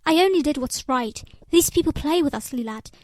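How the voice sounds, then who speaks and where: Bitter young stable guy, as a woman reads him, growly and mocking, high voice. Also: expressive, fairly quick, a little mellow, no echo, studio quality. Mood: angry. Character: angry young male stableman.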